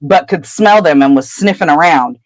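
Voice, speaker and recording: A woman co-hosting a podcast, retelling a book chapter in casual chat with lively storytelling. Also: sits low, normal speed, no room sound, poor audio. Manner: animated storytelling. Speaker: podcast co-host.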